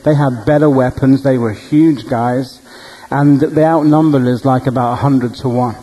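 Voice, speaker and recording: A male preacher telling dream stories in a sermon, animated and humorous. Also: medium pitch, normal speed, low-quality recording. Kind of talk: storytelling sermon.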